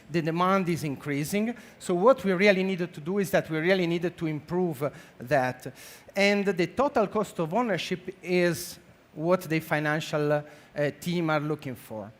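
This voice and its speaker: A man with an Italian accent giving a conference talk on a stage, halting and full of fillers. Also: on the high side. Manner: halting, many fillers and restarts. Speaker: conference speaker, marketing director. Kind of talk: conference presentation.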